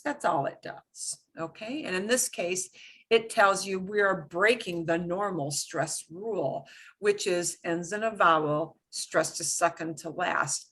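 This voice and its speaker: A woman teaching a beginners' Spanish class, explaining with emphatic, animated bursts. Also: breathy edge. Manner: animated, emphatic explaining with sudden high exclamations. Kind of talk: live classroom lesson.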